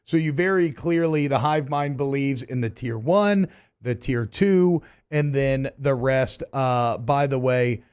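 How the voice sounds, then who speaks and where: A man co-hosting a sports radio show, quick and wry, mixing jokes with analysis. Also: medium pitch, a little mellow, clear, resonant tone. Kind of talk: casual sports radio banter. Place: radio studio.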